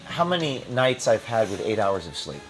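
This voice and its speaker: A man from the United States answering rapid interview questions bluntly and with emphasis, now and then breaking into short laughs. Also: lowish voice, sing-song, soft background music. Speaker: interview guest, activist. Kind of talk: quick-fire interview answers.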